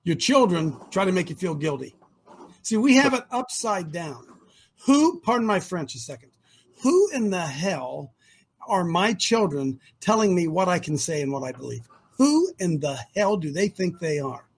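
Husky high-voiced older man preaching. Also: big pitch swings, moderate pace. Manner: emphatic, fires rhetorical questions at listeners. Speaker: talk show host. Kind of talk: opinionated radio talk.

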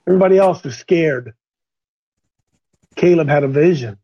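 High-voiced guy leading bible study, animated, dull lo-fi sound. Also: moderate pace, pauses often, breathy edge. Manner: animated, voices characters in strained cries. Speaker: Bible study leader, called coach. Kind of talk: group Bible discussion.

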